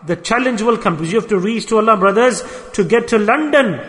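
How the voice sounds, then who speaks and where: A man delivers a storytelling sermon with a high-pitched voice. He is earnest and repeats key phrases for emphasis. His voice rings out with a long hall reverb. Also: fairly quick, a bit bright. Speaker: preacher.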